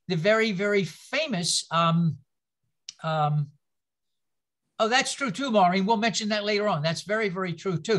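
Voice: medium pitch, a bit bright. A teacher leading a church history class, speaking in an informal, rambling lecture full of anecdotes, restarts and asides to the group.

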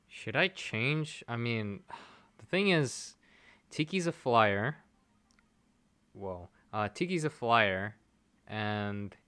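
A man casually commentating a mobile game stream, excitable and rambling as he thinks aloud. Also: mid-range voice.

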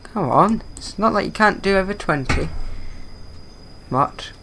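A man's voice: sits high, lively intonation, unhurried, creaky, sharp tone. A man giving dry, self-mocking let's-play commentary as a gaming YouTuber.

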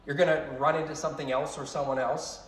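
Young man, youth pastor, conversational sermon, fairly high voice, roomy echo. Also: quick pace, slight background noise. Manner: animated storytelling, conversational asides.

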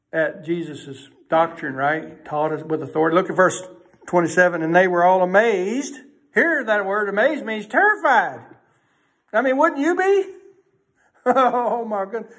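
A male preacher with a notably high voice. He preaches in a folksy, emphatic way, rising to loud bursts and dropping to hushed asides. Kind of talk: sermon.

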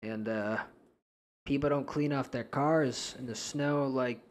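A man's voice: mid-range voice, steady tone, takes it slowly, a little hiss or hum. A young man from New Hampshire, co-hosting a podcast in casual, profane, rambling chat with frequent laughs. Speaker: podcast co-host.

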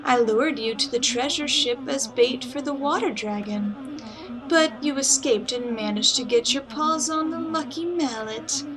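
A woman's voice: high-pitched, unhurried, crowd noise, pitched above the performer's own voice, poor audio. A woman doing a gloating fox spirit villain. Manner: gloating, scheming. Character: sly evil fox spirit possessing a priestess. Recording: game music behind voice.

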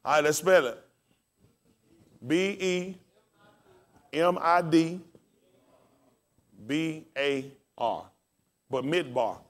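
A man pastor preaching and teaching scripture, calling out questions to his congregation and spelling words aloud. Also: medium pitch.

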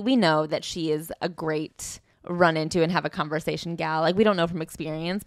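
A woman's voice: lowish voice, dry recording. Dry, sarcastic comedian woman. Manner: dry, sarcastic storytelling recap. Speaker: comedian podcast co-host. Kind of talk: casual comedic book-club chat.

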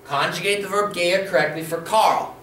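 Far from the mic, a man with a high, slightly bright voice and fairly even intonation delivers a video language lesson at moderate pace. Patient and encouraging, he keeps checking in with "okay?" while going over the rules, and the recording has roomy echo and faint room noise.

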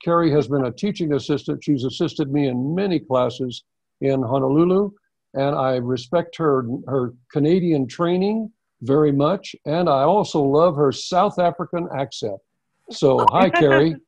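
A man who hosts a massage-therapy teaching webinar, explaining in a measured way with pauses, heard over a video call. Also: fairly high pitch, darkish tone, dry recording. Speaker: massage instructor hosting a webinar. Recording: dull lo-fi webinar audio.

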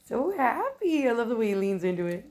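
A woman's voice: medium pitch, steady tone, racing, warm tone. A woman hosting a home pet vlog indoors, talking in sing-song baby talk to a cat and laughing often. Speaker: vlog host. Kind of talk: casual chat, cooing to pets.

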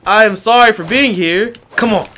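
A man's voice: high-pitched, normal speed, bright, forceful tone, a little hiss or hum. A man commentating his gameplay casually, often panicking, exclaiming and apologizing. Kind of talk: casual let's play commentary.

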